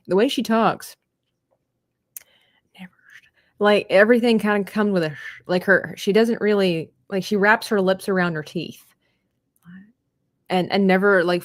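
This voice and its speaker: A young woman talks as she paints, chatty and rambling, often trailing off. Her voice sits fairly low, and the recording is close and dry with no room sound. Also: gravelly, no echo. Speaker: livestreaming artist. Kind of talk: casual chat while painting.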